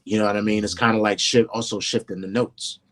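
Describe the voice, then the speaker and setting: A man's voice: on the low side, flat delivery, fast, fairly bright tone. A man, a hip hop producer and mixing engineer, talking through his craft in a casual interview, often saying "you know what I mean".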